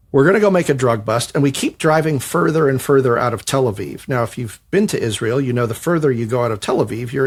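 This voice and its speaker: Husky man telling a story. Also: mid-range voice. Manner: animated, self-mocking retelling that acts out quoted dialogue. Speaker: podcast co-host. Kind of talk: storytelling anecdote.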